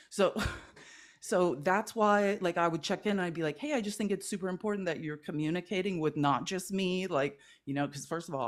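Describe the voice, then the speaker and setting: A woman guest in a casual conversation, telling a personal story in an earnest, rambling way with many fillers. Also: low-pitched. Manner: earnest, rambling, heavy use of 'like'. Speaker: guest creator.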